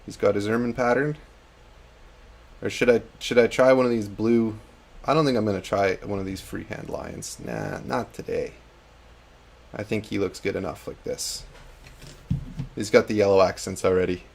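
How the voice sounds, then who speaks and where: Low gravelly man, chatty self-mocking stream host. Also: steady tone, moderate pace, pauses often. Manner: chatty, self-deprecating, laughs often. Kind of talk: casual chat on a live painting stream.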